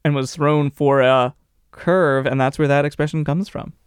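A man's voice: a little high, steady tone, moderate pace, smooth, no echo, clean studio sound. A man co-hosting a podcast, chatting casually about baseball history in a rambling, joking way with many fillers. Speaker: podcast co-host.

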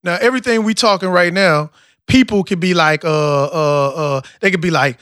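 Host, man, AAVE, very high bright voice, emphatic and profane, dry close sound. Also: moderate pace, no room sound. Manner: emphatic, profane, repeats words while building a point. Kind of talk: casual roundtable discussion.

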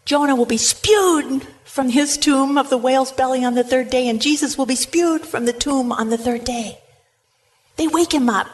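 A woman preacher giving a sermon, retelling a story in a lively way and speaking straight to her listeners. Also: high voice, normal speed, few pauses. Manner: lively retelling, addresses the congregation directly.

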